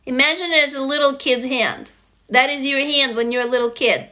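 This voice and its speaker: A woman with a high, bright voice hosts a casual livestream from her phone. She talks earnestly and with feeling, straight to her viewers, with the odd curse word. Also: brisk. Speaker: livestream host. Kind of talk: casual self-help livestream talk.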